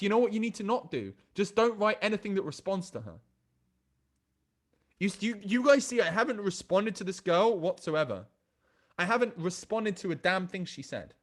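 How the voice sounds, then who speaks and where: A man teaching a dating class, blunt and profane, often stumbling and restarting his sentences. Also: high voice. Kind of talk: live online class, reading chat aloud.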